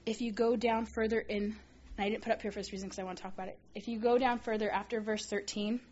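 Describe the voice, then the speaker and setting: A woman's voice: medium pitch, fairly even intonation, fast talker, darkish tone, lo-fi sound, slight background noise. A young woman telling a personal story while teaching a women's Bible study, chatty and earnest, with lots of filler words.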